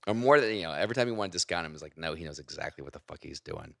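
Low-voiced man telling stories. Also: racing, gravelly, no room sound, clean studio sound. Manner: animated storyteller, slips into voices of others. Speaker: stand-up comedian. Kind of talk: casual chat.

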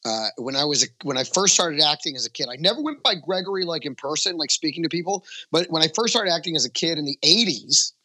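A middle-aged man guests on a podcast as a comedian, joking around in easy conversation with plenty of filler words. His pitch swings a lot, and his tone stays bright. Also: lively intonation, fast talker, few pauses, poor audio. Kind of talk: casual podcast chat.

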